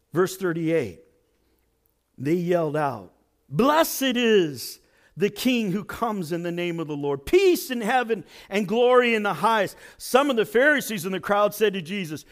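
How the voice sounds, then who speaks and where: A man preaching a sermon as pastor, dramatic, swinging from near-shouts to hushed asides. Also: high voice.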